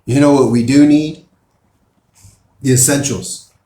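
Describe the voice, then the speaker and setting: A man's voice: medium pitch, steady tone, a little slow, dark tone, reverberant. A man giving opinion commentary, reading out news articles and pressing his points emphatically. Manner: emphatic, rising and falling in bursts.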